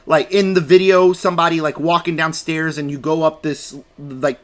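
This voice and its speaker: A young man casually reviewing movies in a rambling, animated way, acting out scenes with quick impressions. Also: fairly high pitch. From United States.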